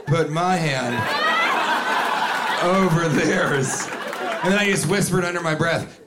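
A man performing a stand-up comedy set, animated and jumping into loud put-on voices and shouts. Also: a little high, takes it slowly, pauses often. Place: comedy club stage with a live audience. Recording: live club recording with crowd laughter and noise. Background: audience laughing.

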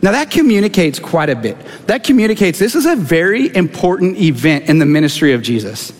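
A man's voice: high-pitched, big pitch swings, a little fast. Earnest male pastor, a tenor voice, preaching from a stage mic with a lingering echo of a big room. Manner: earnest, personal storytelling. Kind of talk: sermon. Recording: long church hall reverb.

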